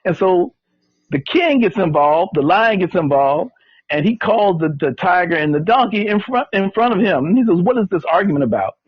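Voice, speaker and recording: A man's voice: high voice, animated, normal speed, no echo. A man, telling a folksy story in casual chat. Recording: dull, lo-fi sound.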